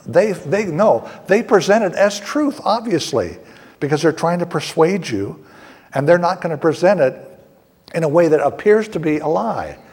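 A man preaching a sermon in an earnest, steady way, slowing down on key words for emphasis. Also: a little high, slightly rough, in a large hall. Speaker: pastor.

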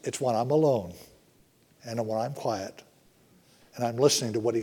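A man preaching a sermon in an earnest way, often slowing down and dropping to a hush for emphasis. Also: mid-range voice, breathy edge. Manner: earnest, slows and softens for emphasis. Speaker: pastor.

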